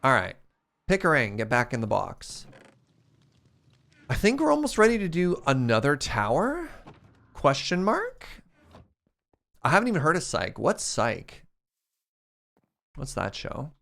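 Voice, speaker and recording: A man's voice: medium pitch, huge pitch swings, unhurried, gravelly, pauses often, fairly bright tone. A man streamer chatting casually with his chat while playing a game, laughing often.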